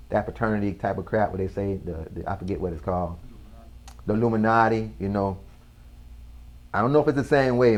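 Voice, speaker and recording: Appearing as a guest on an interview show, a man with a fairly low voice earnestly shares a personal story. He speaks slowly and casually, using slang.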